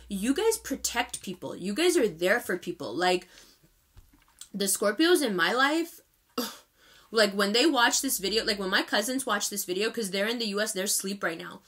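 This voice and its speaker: This tarot reader, a woman in her thirties, talks straight to her viewers in a monthly reading. Her mid-range voice is a bit bright and slightly rough, and her manner is emphatic, passionate, and direct.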